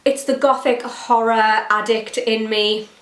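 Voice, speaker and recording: A woman's voice: a little high, fairly even intonation, unhurried, fairly bright tone. A young woman chatting casually as a beauty vlogger, gushing and enthusiastic about her favourites. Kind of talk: casual chat. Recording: echoey room.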